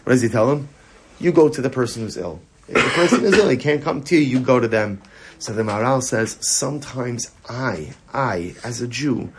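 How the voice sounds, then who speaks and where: A man, a rabbi, giving a Torah class to students, repeating his key lines and swinging between raised emphasis and quiet, low storytelling. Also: a little hiss or hum. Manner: animated teaching, repeating key lines, rising for emphasis, dropping low for stories; sings short snatches of a melody.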